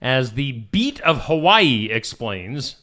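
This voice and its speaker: A man's voice: medium pitch, big pitch swings, slow, sharp tone. A man with a Midwestern American accent co-hosting a morning show, reading news stories aloud with joking asides. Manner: reads news items aloud with asides and laughs. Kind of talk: casual radio news chat.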